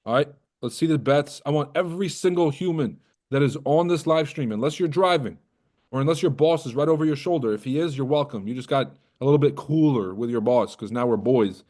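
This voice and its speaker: A man's voice: mid-range voice, a little fast, a little mellow. A man hosting a trading livestream in casual, profane, joking talk, roasting and teasing his viewers. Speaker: trading coach and livestream host.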